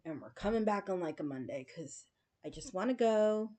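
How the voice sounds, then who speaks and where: A woman's voice: on the low side, expressive, moderate pace, dark tone. A woman in her late forties, chatting casually with her viewers as host of a livestream and telling stories with frequent laughs and fillers. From United States. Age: 40s. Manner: chatty storytelling, laughs often, many fillers.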